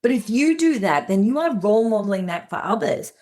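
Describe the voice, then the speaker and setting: A woman's voice: mid-range voice, very animated, a little fast, a little mellow. A middle-aged woman speaking earnestly as a guest on a podcast interview, acting out little scenes in quotes. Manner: earnest, plainspoken, acts out dialogue in quotes. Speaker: guest psychologist.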